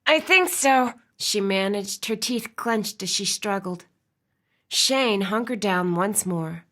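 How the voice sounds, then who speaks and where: A woman narrating a romance audiobook in an expressive storytelling style. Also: medium pitch, slow pace. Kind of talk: scripted narration.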